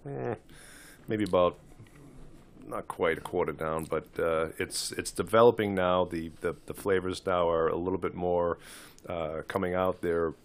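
A man casually describing a cigar in a group chat, halting and full of restarts. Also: sits low, fairly even intonation, slight background noise. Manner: halting, with many restarts and fillers. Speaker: cigar reviewer.

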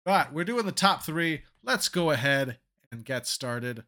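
A man's voice: fairly high pitch, lively intonation, a little slow, sharp tone. A man hosting a podcast in casual chat, keeping the show moving in an upbeat way. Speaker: podcast host.

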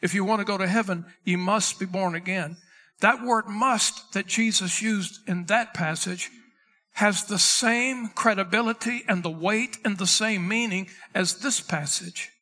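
A middle-aged male pastor delivers an emphatic sermon, slowing down to read scripture and punching single words for weight. His voice sits high for a man and carries a bright, forceful tone. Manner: emphatic preaching, stretches key words, reads scripture aloud.

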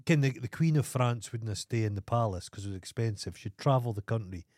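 A man's voice: mid-range voice, fairly quick, darkish tone, no room sound, clean studio sound. A Scottish man co-hosting a podcast in casual chat, blunt and ranting with heavy swearing. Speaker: podcast co-host.

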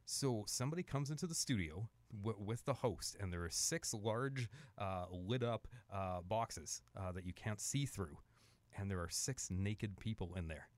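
Animated middle-aged male storyteller. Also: lowish voice, unhurried, no echo. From Canada. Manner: animated storyteller, acts out quotes. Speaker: podcast co-host. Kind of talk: casual chat.

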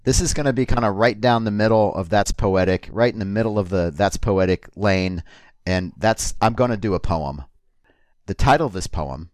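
A man co-hosting a comedy podcast, introducing segments in a mock-formal, deadpan way. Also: fairly low pitch, moderate pace, no echo. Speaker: podcast co-host.

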